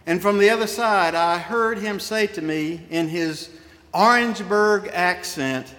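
This middle-aged pastor speaks in a high-pitched, slightly bright voice and takes things a little slowly. He preaches in a folksy storytelling style, weaving personal anecdotes into his sermon and turning aside to address the congregation. The long reverb of a big church sanctuary hangs over the sound.

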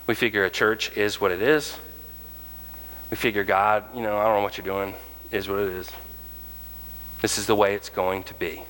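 A man delivers a sermon as pastor, his lowish voice bright and forceful. He animates his stories by acting out the voices of the people in them. The sound carries the long reverb of a large hall. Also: moderate pace, long pauses. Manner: animated, acts out quoted voices.

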